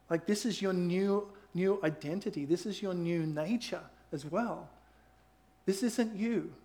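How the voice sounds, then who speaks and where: Earnest man preaching, slightly high voice. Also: darkish tone. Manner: earnest, conversational storytelling with emphatic rises. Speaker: pastor. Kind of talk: sermon with personal stories.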